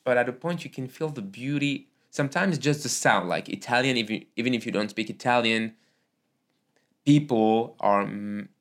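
A man whose first language is Arabic hosts a casual conversation, speaking English haltingly and often searching for words. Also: medium pitch. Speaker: podcast host.

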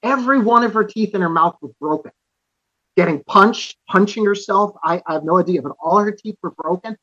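Male podcast guest from Canada, slightly high voice, earnest personal storyteller, dry and somewhat muffled sound. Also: brisk, sharp tone, no echo. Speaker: podcast guest, author and musician.

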